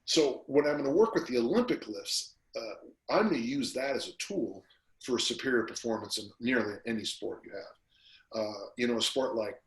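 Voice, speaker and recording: Coach guy on a podcast, mid pitch, chatty animated stories, echoey room sound. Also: moderate pace. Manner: animated storyteller who acts out quotes. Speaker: podcast guest, strength coach. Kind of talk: casual interview storytelling. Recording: roomy echo.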